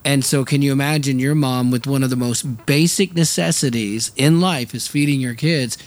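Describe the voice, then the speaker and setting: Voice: medium pitch, moderate pace. A podcast host asking sympathetic, reflective questions. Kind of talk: podcast interview.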